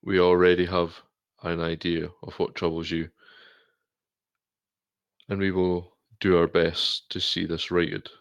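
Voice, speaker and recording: A polite, gentle adventurer in a tabletop game talks in formal, careful phrases, as a man plays him. His voice is very low and flat, smooth in tone, through a dull, lo-fi mic. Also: unhurried, dry recording. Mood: earnest. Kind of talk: tabletop game role-play.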